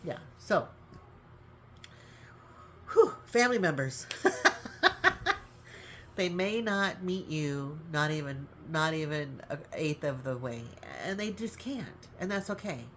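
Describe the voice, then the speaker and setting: A woman in middle age with a low, deep-set voice shares caregiving experience in a casual vlog. She rambles, apologizes and laughs often, and sounds close to tears. A faint background noise sits under her voice. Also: lively intonation, takes it slowly, pauses often, fairly bright tone. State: near tears. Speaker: caregiving vlogger. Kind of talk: casual talk to camera.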